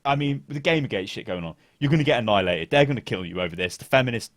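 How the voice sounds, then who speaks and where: A man's voice: mid-range voice, expressive, rapid-fire, no room sound, studio quality. A man on a casual podcast, joking and exclaiming with swearing. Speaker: podcast co-host. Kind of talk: casual panel chat.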